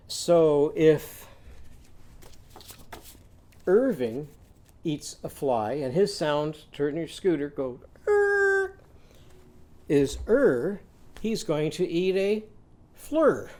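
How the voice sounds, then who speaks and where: Man, children's literacy teacher, unhurried, warm mellow tone, sings and leads call-and-response. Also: fairly high pitch. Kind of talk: slow children's literacy lesson with songs.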